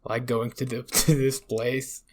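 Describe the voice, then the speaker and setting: A man's voice: medium pitch, level tone, a little slow, slight background noise. A young man from Iraq co-hosting a podcast, telling stories in a rambling, swear-filled way and leaning on "you know". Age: young adult. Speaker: podcast co-host. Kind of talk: casual chat.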